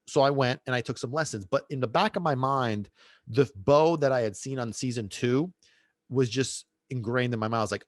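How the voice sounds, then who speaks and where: A man's voice: mid-range voice, moderate pace, no echo, studio quality. A middle-aged man hosting a podcast, telling a casual story in a rambling way with many restarts and asides. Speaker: podcast host and dog trainer.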